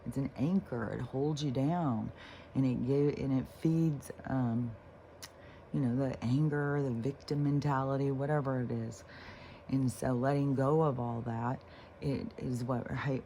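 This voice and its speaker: A mellow, rumbling low female voice comes through with a little hiss or hum. As a spiritual vlogger, she muses without a script on healing and letting go, taking her time, wandering off topic, tossing in swear words, and restarting sentences again and again.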